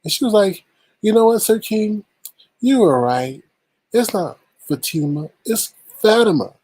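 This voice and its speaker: A man's voice: sits high, big pitch swings, slightly rough, dry recording. Boastful, teasing man hosting a live stream. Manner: boastful, teasing, drawn-out emphatic shouts. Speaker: livestream host. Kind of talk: casual live-stream chat.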